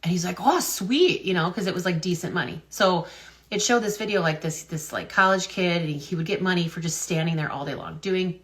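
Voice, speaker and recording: Casual vlog lady, kinda low voice, rambly, lots of ums and restarts. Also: fairly even intonation, brisk, a bit bright. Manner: rambling, wonders aloud, many fillers and restarts. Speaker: health and business content creator. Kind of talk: casual talk-to-camera vlog.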